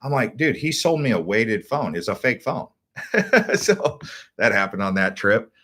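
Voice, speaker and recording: A man's voice: fairly low pitch, expressive, normal speed, a bit bright. A man, a travel vlogger, casually telling a rambling story with lots of filler words and restarts. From United States. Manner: rambling, loose delivery, many "like" fillers and restarts.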